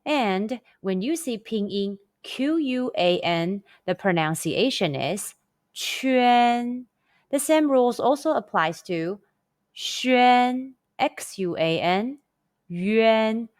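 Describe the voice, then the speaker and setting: A woman teaching a scripted pronunciation lesson, speaking slowly and carefully with over-enunciated drills. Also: mid-range voice, no room sound, clean studio sound. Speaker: language teacher.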